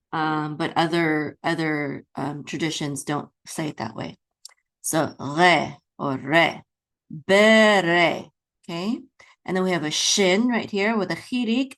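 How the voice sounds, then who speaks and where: A middle-aged woman teaching beginners to read Hebrew, patiently repeating sounds slowly and often checking in with "okay?", sometimes chanting words to their melody. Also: lowish voice. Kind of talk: beginner reading lesson.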